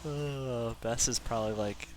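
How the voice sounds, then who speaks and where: A man's voice: mid-range voice, measured pace, darkish tone, soft background music. A man streaming a game live, chatting casually and self-deprecatingly with his viewers. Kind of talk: casual live-stream chat while gaming.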